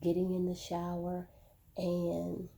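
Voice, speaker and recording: A woman slowly sharing a painful personal story straight to her viewers, often repeating words as she goes. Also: lowish voice, monotone, vocal fry, warm tone. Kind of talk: personal testimony, spoken to viewers.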